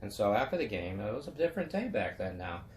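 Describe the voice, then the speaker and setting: A man's voice: fairly low pitch, very animated, fast, roomy sound, slight background noise. A man in his fifties hosting a web chat show, talking about sports in a rambling, folksy, casual way. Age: 50s.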